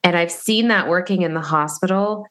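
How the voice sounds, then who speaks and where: A woman speaks with a slightly low voice as she shares a personal story on her podcast. She sounds earnest and reflective, and she pauses and restarts often as she gathers her thoughts. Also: a bit bright. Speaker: podcast host.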